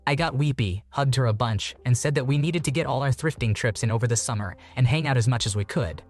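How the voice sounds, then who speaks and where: A man reading online posts aloud in an even, steady voice and adding short comments of his own. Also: mid-range voice.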